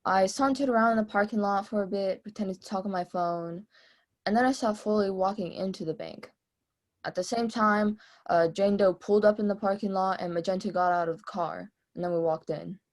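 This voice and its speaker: A woman's voice: mid-range voice, fairly quick, lightly acted. A woman playing a brash young female bank robber, testifying in a casual, streetwise, offhand way over a video call in a mock trial.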